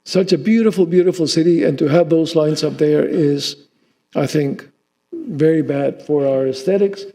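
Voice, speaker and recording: A man's voice: a little high, gravelly, mellow. A man delivering a formal public address as city mayor, reading a prepared speech and breaking off now and then to restart or ad-lib. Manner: reads a prepared speech, with restarts and ad-libbed asides.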